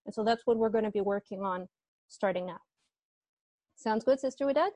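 A woman's voice: mid-range voice, a little fast, a little mellow, no room sound. A woman teaching Arabic grammar to students online, explaining patiently step by step and asking them questions, speaking through earbuds on a video call.

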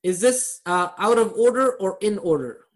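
A man's voice: sits high, expressive, moderate pace. Guy teaching grammar online over a video call, asks the class questions, chuckles at his own jokes. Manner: quizzes students, jokes and laughs at his own jokes.

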